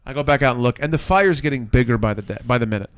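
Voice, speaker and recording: A man co-hosting a casual podcast, telling a neighbor story with lively play-acting of each person. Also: medium pitch, very fast, clear, resonant tone, no echo. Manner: animated storyteller, acts out neighbors with a put-on accent. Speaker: podcast co-host. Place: city apartment.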